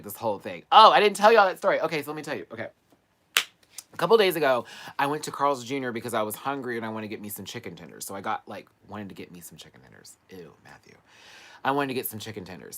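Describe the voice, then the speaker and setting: Sassy, animated man chatting on a livestream. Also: fairly low pitch. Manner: animated, sassy storytelling with playful slang. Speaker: livestream host. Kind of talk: casual livestream chat and storytelling. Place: at home, live stream.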